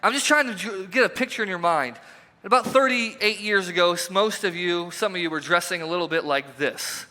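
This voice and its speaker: A pastor giving a conversational, emphatic sermon, asking the congregation repeated questions, recorded in a church sanctuary. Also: male voice, sits high, a little fast, sharp tone. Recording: reverberant church hall.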